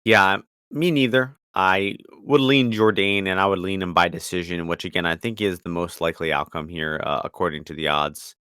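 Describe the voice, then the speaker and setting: Low-voiced casual man making fight picks. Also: moderate pace, hardly any pauses, pushed and bright, clean tone, no echo, clean studio sound. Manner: loose and profane, stumbles over names. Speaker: podcast co-host, betting picks. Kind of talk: casual chat.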